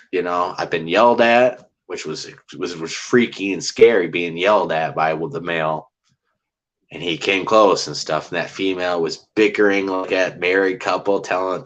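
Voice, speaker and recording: A man telling a cryptid encounter story in casual, rambling chat, getting excited and restarting his sentences. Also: low voice. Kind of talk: casual storytelling on a live call-in show.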